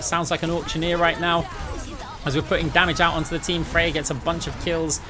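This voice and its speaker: A man from the UK, a gaming YouTuber, giving quick, excited play-by-play of his own match with asides to viewers. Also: fairly high pitch. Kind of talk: gameplay commentary. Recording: clear game music underneath.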